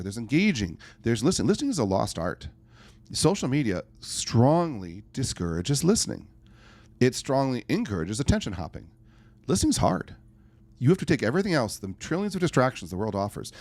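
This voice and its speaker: A man, a life coach and podcast guest, talking emphatically and telling stories in a conversational interview. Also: medium pitch. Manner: emphatic, animated storyteller.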